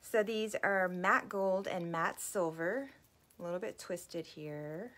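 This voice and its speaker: A woman's voice: fairly low pitch, slow, fairly bright tone. A woman hosting a casual live boutique sale, bubbly and chatty, a little out of breath. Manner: bubbly, chatty, apologetic asides.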